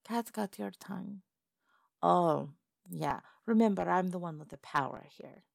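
A woman's voice: low voice, moderate pace, gravelly, no room sound, clean studio sound, full character voice. A woman voicing a haughty, condescending female sea-creature madam in a listener role-play audio. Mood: mocking. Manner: sultry, condescending, purring.

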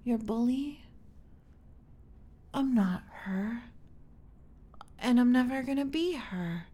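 A young woman voicing a curious, gentle alien in a borrowed human body, in a whispered role-play. She talks softly and haltingly and often repeats words. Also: on the high side, lively intonation, full character voice. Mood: tender. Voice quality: breathy, soft.

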